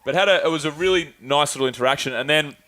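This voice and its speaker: A young Australian man with a slightly high, sharp voice talks fast over a dry recording. As a podcast co-host, he chats loosely about his travels. He rambles, swears and leans on filler words.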